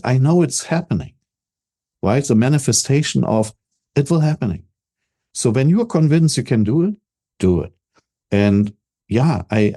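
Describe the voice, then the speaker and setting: Here an older man from Germany, speaking with a German accent, talks as a business coach in a casual interview. His voice is low-pitched, his manner confident and energetic, and he often repeats words when starting a thought.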